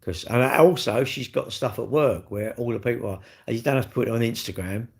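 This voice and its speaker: A middle-aged man rambles cheerfully through a casual livestream, reading out viewers' comments and firing back blunt, cheeky answers. His voice has a rough, gravelly edge, and his pitch sits in an ordinary middle range for a man. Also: fairly quick. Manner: chatty, bantering, reads viewer comments aloud and answers them. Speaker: livestream host.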